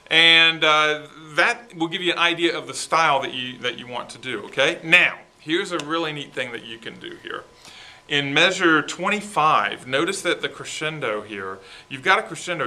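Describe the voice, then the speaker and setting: A man's voice: mid-range voice, bright, forceful tone, a little hiss or hum. A man coaching a student band through a march, explaining the parts and checking in with "okay" as he goes. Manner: coaching, sings parts with syllables. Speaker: composer coaching school band. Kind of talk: rehearsal instruction.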